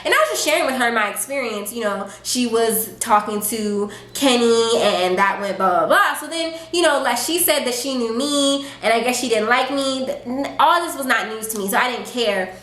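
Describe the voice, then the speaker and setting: A young woman vlogger telling a casual storytime, chatty and animated, full of fillers and quoted asides. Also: a little high, moderate pace, hardly any pauses. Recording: echoey room.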